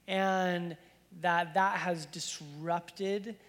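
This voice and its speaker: High-voiced pastor in an echoing hall. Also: male voice, fairly even intonation, very slow, fairly bright tone. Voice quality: casual, filler-heavy storytelling with many "like"s. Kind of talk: sermon with personal story. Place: church sanctuary.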